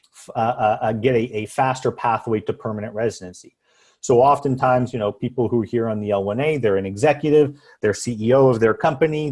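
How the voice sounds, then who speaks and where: A man's voice: medium pitch, a little mellow. A man, an immigration attorney, giving a webinar presentation in an explanatory way with frequent fillers and restarts, over a video call.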